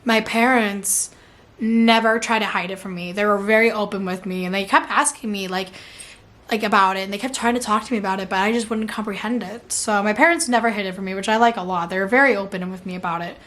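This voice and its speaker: Speaking quickly in a steady, mid-range voice with a touch of brightness, a young adult vlogger fields viewer questions. She chats freely, leans heavily on "like," and laughs at herself in the middle of her sentences.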